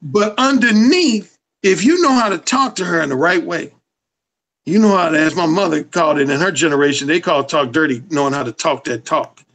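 A man's voice: a little high, fairly quick, a bit bright, poor audio. A man being interviewed as a dating coach, lecturing emphatically and swearing freely. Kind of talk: casual interview.

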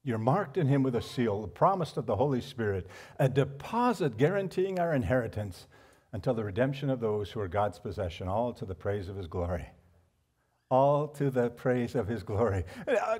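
A man preaching a sermon as pastor, swinging between hushed, reflective lines and loud, animated outbursts. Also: medium pitch, normal speed, husky. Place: church sanctuary.

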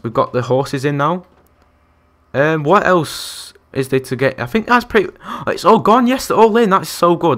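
Excitable young gamer. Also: male voice, medium pitch. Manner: excitable, chatty, talks to animals and viewers. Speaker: gaming YouTuber. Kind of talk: Minecraft let's-play commentary.

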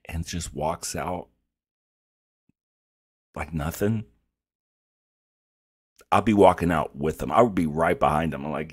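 A man hosting a reaction video, telling stories in an animated, profane, campy way. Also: sits low, measured pace, long pauses, husky, no echo, studio quality. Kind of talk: casual reaction chat.

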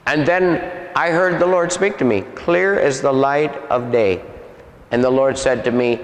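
A man preaching, telling a story with animated delivery, sound effects and many repeats, in an echoey hall. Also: on the high side, moderate pace. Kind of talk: sermon testimony. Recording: echoey hall with long reverb.

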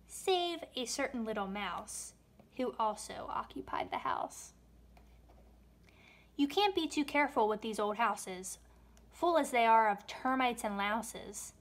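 A woman with a fairly high voice reads a rhyming children's storybook aloud. Her delivery is expressive and lilting, shaped for young listeners. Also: slow. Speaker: children's book reader.

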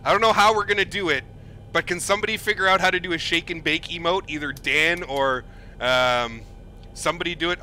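A young man with a high, bright voice talks through a flight simulator stream. He is upbeat and effusive, thanking donors again and again between cockpit steps. His delivery stays loose and chatty. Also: brisk, a little hiss or hum. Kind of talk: live gameplay commentary.

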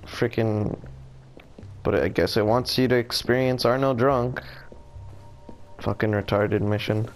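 A man's voice: medium pitch, fairly even intonation, unhurried, pauses often, soft background music. A young man commentating a game as he plays, frustrated, swearing and exclaiming at what happens on screen. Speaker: gameplay commentator. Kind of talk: let's play commentary.

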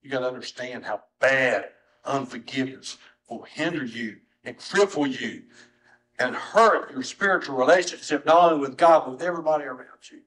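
A middle-aged man, preaching a sermon as pastor in a church, swinging from soft, low tones to high, strained cries. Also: normal speed, rough recording. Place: church sanctuary.

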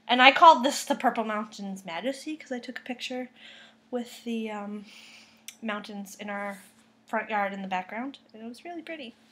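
A woman from Boston talks through her knitting projects in a loose, chatty way. Her voice sits a little high, and she stops and restarts often, with plenty of fillers. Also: a bit bright. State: close to tears, subdued. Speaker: knitting vlogger. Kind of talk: casual chat to camera. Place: home kitchen.

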